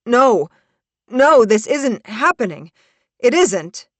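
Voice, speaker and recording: A woman voicing a hysterical, panicked teenage boy who shouts frantically in a raised voice. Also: on the high side, big pitch swings, slow, dry recording, voice pushed up, heavily acted. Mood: frantic.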